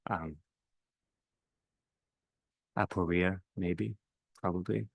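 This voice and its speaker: A man leading a reflective theological discussion, speaking slowly in halting phrases that trail off softly at their ends. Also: low-pitched, fairly even intonation, vocal fry, slightly rough, dry recording. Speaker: discussion leader.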